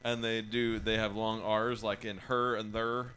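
A man's voice: lowish voice, level tone, a little slow, sharp tone, slight background noise. A young man hosting a podcast in casual chat, joking crudely and laughing easily, speaking into a handheld mic. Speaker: podcast host.

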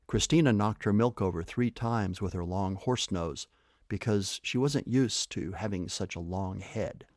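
A man reading aloud a children's story as the storyteller, in an animated storytelling manner. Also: lowish voice, no room sound, clean studio sound.

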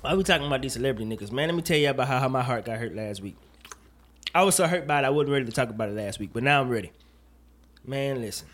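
A man hosting a casual podcast, talking in an animated, jokey way with plenty of profanity and rambling asides. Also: medium pitch, rapid-fire. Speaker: podcast host. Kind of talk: casual chat.

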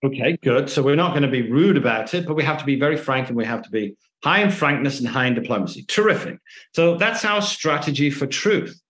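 A man in an echoey room tells stories to his interviewer and slips into the voices of the people he is quoting. His pitch swings widely as he talks, and he sounds bouncy and expressive. His pitch sits in the middle of the range. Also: fast talker. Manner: lively anecdotes, acting out quoted dialogue. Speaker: author and guest. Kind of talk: conversational storytelling interview.

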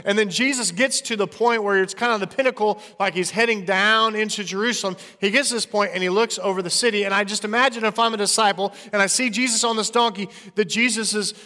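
Earnest male preacher, conversational delivery, high voice, echoing sanctuary. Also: quick pace, few pauses, pushed and bright. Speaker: pastor. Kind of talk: sermon.

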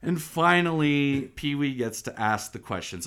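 Laughing man with a lively voice. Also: on the high side, a little slow, clean tone. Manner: laughs often, acts out scenes in quotes. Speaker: podcast co-host. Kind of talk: casual chat recapping a film.

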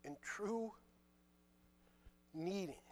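A man preaching a sermon, reading scripture and retelling it in casual, conversational dialogue, with quiet asides in between. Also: high-pitched, drawn-out words, a little hiss or hum. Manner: animated, drops to quiet asides.

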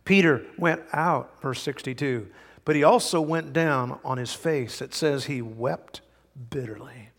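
A man's voice: fairly high pitch, unhurried, vocal fry. Emphatic preacher man in a reverberant hall. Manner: emphatic, swings between loud and hushed. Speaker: pastor. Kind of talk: sermon. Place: church sanctuary.

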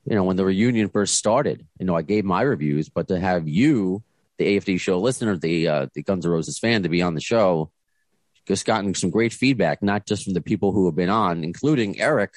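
A man's voice: low-pitched, lively intonation, a little fast, a little mellow, dry recording. A man hosting a podcast over a video call, chatting casually and rambling with restarts. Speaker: podcast host. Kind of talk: casual chat.

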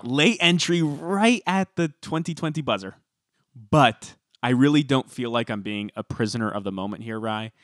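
A man co-hosting a podcast, chatting casually and telling stories with animated emphasis. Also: mid-range voice, moderate pace, dry recording, studio quality. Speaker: podcast co-host.

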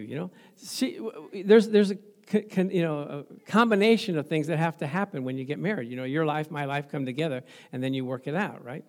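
A man's voice: a little high, brisk, hardly any pauses, darkish tone. A middle-aged male pastor preaching a sermon, telling stories with laughter and frequent praise interjections.

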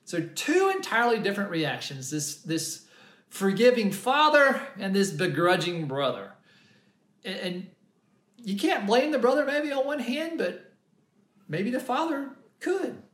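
A male pastor delivers a sermon in an earnest, storytelling way, often restarting his phrases. His voice sits high for a man. The sound carries a noticeable roomy echo. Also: very animated, a little slow, fairly bright tone.

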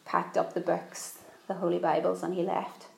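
A woman preaching in an echoey church hall, her voice slightly gravelly and mid-pitched. She tells the story earnestly and repeats phrases for emphasis. A faint hiss sits under the recording. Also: little pitch movement, moderate pace. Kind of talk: sermon storytelling.

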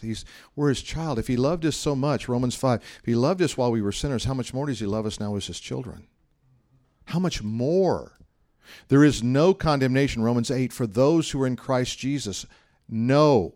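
A man's voice: mid-range voice, lively intonation, normal speed, a little mellow. A man, a pastor, giving a sermon in a conversational, humorous style full of anecdotes.

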